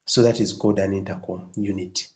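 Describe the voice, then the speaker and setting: Low-voiced man explaining a design tutorial. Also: steady tone, brisk, darkish tone, poor audio. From Kenya. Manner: checks in with listeners, frequent restarts. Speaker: instructor.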